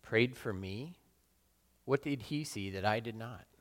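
A man playing Peter, a remorseful, brash fisherman and apostle, in a slow, brooding first-person monologue with sudden loud outbursts. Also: lowish voice. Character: remorseful middle-aged fisherman apostle, brash, guilt-torn. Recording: long hall reverb.

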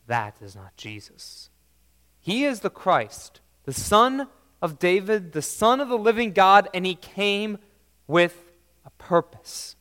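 A male preacher with a high voice delivers a sermon at a slow, deliberate pace. He is emphatic, rising to loud declarations and then dropping soft and low. His words ring out with a long hall reverb.

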